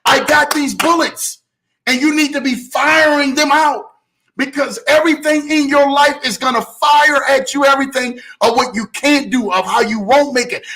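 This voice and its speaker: Man host with a high, bright voice, giving a preachy motivational faith talk that repeats lines and shouts often. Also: moderate pace.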